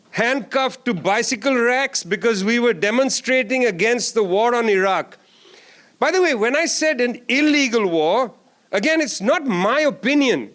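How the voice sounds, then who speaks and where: A man's voice: extremely high pitch, a bit bright. A man giving a closing keynote at a conference, speaking emphatically with sarcastic asides and repeated lines. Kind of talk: political speech. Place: conference hall.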